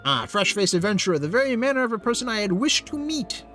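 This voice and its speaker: A man's voice: big pitch swings, quick pace, sharp tone, faint music behind, heavily acted. Game NPC: pompous guild official, looks down on you, voiced by a man. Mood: condescending. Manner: pompous, lofty, swinging pitch.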